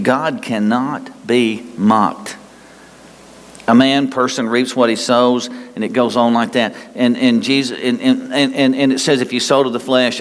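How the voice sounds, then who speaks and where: Emphatic folksy male preacher in a reverberant hall. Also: mid-range voice. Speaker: pastor. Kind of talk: sermon.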